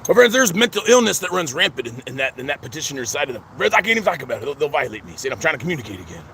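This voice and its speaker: Middle-aged man, gravelly voice, sharp bright tone, stammering restarts, rambling vlog. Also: on the high side, sing-song, rapid-fire, slight background noise. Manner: repeats 'friends' constantly, stammering restarts. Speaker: vlogger. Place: outdoors at a cemetery.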